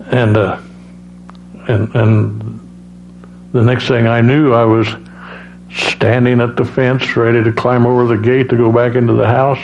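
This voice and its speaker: A man giving a personal testimony as a preacher, halting, with many restarts and fillers. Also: mid-range voice, steady tone. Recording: dull lo-fi sound with faint hum.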